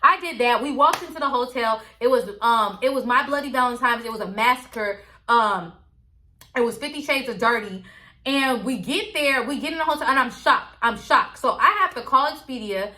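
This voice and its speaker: Woman vlogger, candid storytime chat; bright, slightly high voice. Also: normal speed. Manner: candid, chatty, talks straight to viewers.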